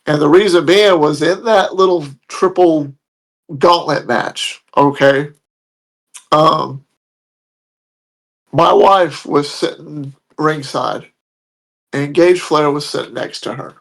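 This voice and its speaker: A man telling a story in casual talk, his voice sitting a little higher than usual for a man. He talks bluntly and heatedly and swears freely. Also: takes it slowly, creaky, pauses often. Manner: blunt, profane, heated retelling. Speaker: podcast guest telling a story.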